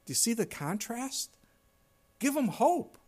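A middle-aged pastor with a very high voice preaches conversationally, a little slow and darkish in tone with big pitch swings. Now and then he raises his voice to act out whiny complaints.

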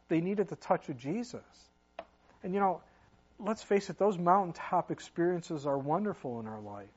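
A man's voice: a little high, breathy edge, highs cut off. A middle-aged man preaching a sermon in a conversational way, with asides and sudden emphatic rises. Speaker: pastor.

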